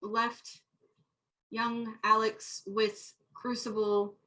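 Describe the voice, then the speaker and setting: A woman's voice: fairly high pitch, flat delivery, very slow, sharp tone, poor audio. A woman player in a tabletop roleplaying game, talking casually and correcting herself as she goes. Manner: rambling, self-correcting. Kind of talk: casual tabletop play chat.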